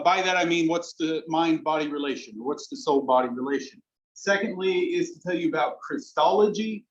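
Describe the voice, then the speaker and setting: Man giving a discursive philosophy lecture. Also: on the high side. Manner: discursive, self-correcting, emphatic. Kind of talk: academic talk to an audience. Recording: dull lo-fi lecture recording.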